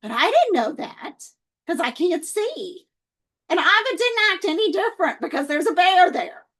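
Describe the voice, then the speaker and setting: A woman talking casually to her viewers, telling faith stories in a chatty, lively way. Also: very high-pitched, normal speed, rough recording. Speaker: Christian author and video host.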